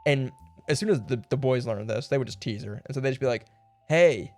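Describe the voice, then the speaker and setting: A man's voice: medium pitch, fast, a little mellow, faint music behind. A young man streaming a puzzle game, thinking aloud in a rambling way and laughing now and then. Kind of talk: casual puzzle game livestream.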